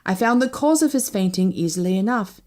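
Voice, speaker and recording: A woman narrating a first-person novel as an audiobook, reading expressively. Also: a little fast. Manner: expressive, shifting pitch with each character.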